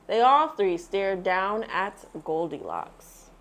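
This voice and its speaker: A woman reading a children's picture book aloud, with expressive storytelling, then sharing her thoughts. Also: medium pitch, takes it slowly. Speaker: read-aloud host.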